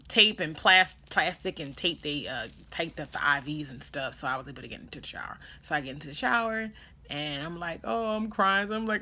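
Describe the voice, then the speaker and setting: A young adult woman telling a story in a casual vlog, animated and dramatic as she acts out what people said. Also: sits low. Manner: animated, dramatic retelling with quoted voices. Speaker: vlogger.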